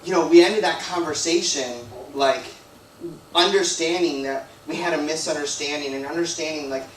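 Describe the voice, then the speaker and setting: A man's voice: on the high side, moderate pace, fairly bright tone, slight background noise. A man giving a sermon as a guest preacher, telling a personal story in a rambling, conversational way full of "like" and "you know". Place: church hall. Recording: echoey room, from a distance.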